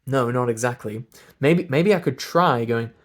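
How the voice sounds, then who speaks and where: A man at a moderate pace and medium pitch leads a slow pronunciation lesson in an English RP accent. He isolates individual sounds, drilling each and explaining how it works.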